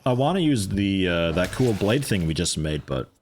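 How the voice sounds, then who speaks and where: A man's voice: sits low, sing-song, normal speed, darkish tone, slight background noise. A man streaming a game, chatting casually and joking with his viewers in a rambling way. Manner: rambling, joking asides to chat. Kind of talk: casual gameplay commentary.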